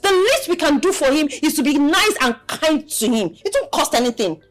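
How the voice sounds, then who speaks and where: An actress with a Nigerian accent playing an outspoken, quick-tempered young village woman who scolds emphatically. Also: high voice, expressive. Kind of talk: Nollywood film acting.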